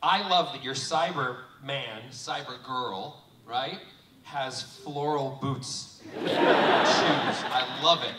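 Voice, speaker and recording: A man's voice: medium pitch, takes it slowly, very noisy. Playful man joking with a crowd. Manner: playful, teasing, camp banter. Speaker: convention panel guest. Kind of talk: live fan panel, joking with audience. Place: large convention hall with audience. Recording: echoey hall, distant, loud crowd.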